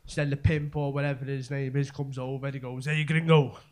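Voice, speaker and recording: A man's voice: medium pitch, flat delivery, fast, a little mellow. A young man with a Scouse accent doing a rambling live stand-up set full of local slang in a comedy club. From Merseyside, England. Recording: live club with crowd laughter. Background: audience laughter.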